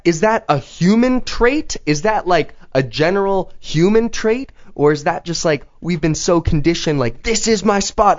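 A man's voice: a little high, darkish tone. A man with a slightly raised voice, chatting casually and rambling through his questions. He leans on "like" constantly. The sound is a bit dull and lo-fi. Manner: rambling, heavy use of "like", questioning. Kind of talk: casual chat.

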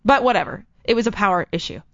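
A woman in casual chat, an entertainer telling a story and acting out the quotes with lively energy. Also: mid-range voice, quick pace, vocal fry, no echo, dull audio.

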